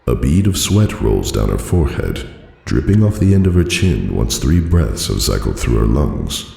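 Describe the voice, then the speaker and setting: Very deep, gravelly male narrator. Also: very animated, normal speed, mellow. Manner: dry, formal storytelling delivery. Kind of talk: fan audiobook reading. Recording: roomy reverb.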